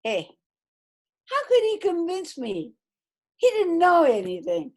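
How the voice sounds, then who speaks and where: Animated woman telling a business story. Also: very high-pitched, slow pace. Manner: animated storyteller acting out quoted voices. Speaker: business speaker. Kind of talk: motivational storytelling talk.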